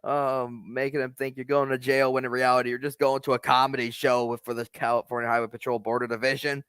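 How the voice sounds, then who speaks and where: A man giving brief, slow reactions and commentary on a comedy clip. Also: medium pitch, little pitch movement, fairly bright tone, smooth, no echo. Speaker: video reactor.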